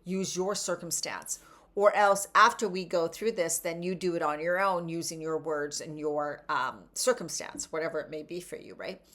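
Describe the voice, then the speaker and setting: Middle-aged female wellness coach, fairly low voice, relaxed encouraging teacher who keeps checking in. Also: normal speed. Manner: conversational, encouraging, checks in with "right?". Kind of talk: casual guided teaching.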